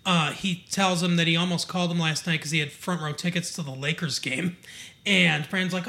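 A man with a slightly high, very bright voice talks through a TV episode in a loose, chatty way. He wanders into asides and leans on fillers as he goes. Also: fairly even intonation, brisk. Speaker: podcast co-host. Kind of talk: casual chat recapping a TV episode.

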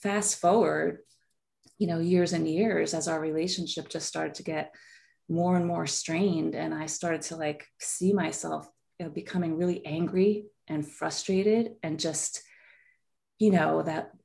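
A woman's voice: low voice, fairly even intonation, measured pace, creaky, darkish tone. A woman in her forties, a podcast guest, telling a heartfelt personal story in a rambling way with many fillers.

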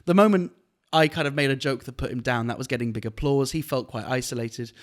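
A man, a comedian, telling a story on a podcast in an animated way and laughing often. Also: medium pitch, fast talker. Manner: animated, laughing while retelling an anecdote. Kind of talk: casual storytelling chat.

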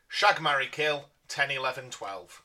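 Bright-voiced man, playful. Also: medium pitch, unhurried. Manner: playful, spins comic scenarios. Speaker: podcast co-host. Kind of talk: casual chat.

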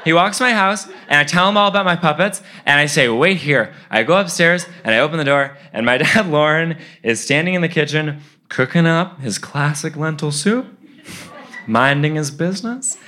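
A young man in his twenties telling a personal story live on stage, animated and often laughing as he goes. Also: fairly high pitch, normal speed.

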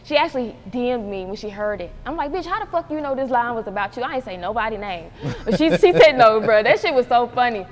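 Animated young woman telling stories. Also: a little high, quick pace, hardly any pauses, over music. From North Carolina. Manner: animated storytelling, acts out quotes, laughs a lot. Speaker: rapper, interview guest. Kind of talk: casual interview chat. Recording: roomy hall with faint noise.

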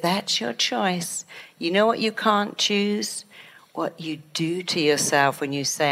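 A middle-aged woman giving a motivational talk, acting out anxious inner voices in an animated way. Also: deep voice, moderate pace. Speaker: author and speaker.

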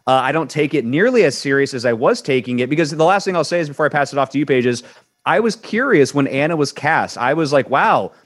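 A man's voice: a little high, animated, quick pace. Blunt, emphatic male show host. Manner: emphatic, blunt, repeats words when worked up. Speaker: entertainment news host. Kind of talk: opinionated co-host chat.

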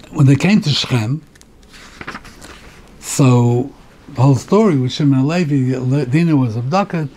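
A man's voice: medium pitch, dark tone, a little hiss or hum. A rabbi giving a Torah lecture, mixing Hebrew terms into English and often repeating words as he thinks.

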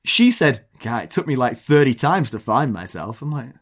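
A man's voice: medium pitch, normal speed, slightly rough. An English man co-hosting a podcast, chatting casually and telling an anecdote with quoted voices. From England. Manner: animated storyteller, mimics accents in quotes. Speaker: podcast co-host. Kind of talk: casual chat.

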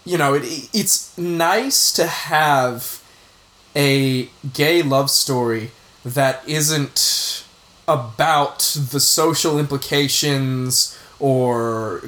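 A man's voice: mid-range voice, drawn-out words, fairly bright tone. A man, a returning guest on a film review podcast, talking in an easygoing way with many fillers and repeated words. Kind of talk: casual film review chat. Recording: roomy echo.

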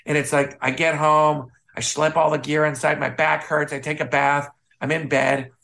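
This gravelly, fairly high-pitched man speaks at a moderate pace. As an interview guest, the Midwestern photographer and author tells casual, lively anecdotes, acting out the voices he quotes.

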